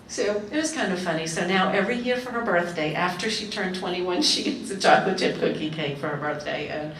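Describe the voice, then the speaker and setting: A woman panelist telling lively family anecdotes to an audience, acting out the quotes. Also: fairly low pitch, a little fast, hardly any pauses, slight background noise. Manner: lively storyteller, acts out quotes. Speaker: workshop panelist. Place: community seminar hall. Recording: echoey hall, mic far off.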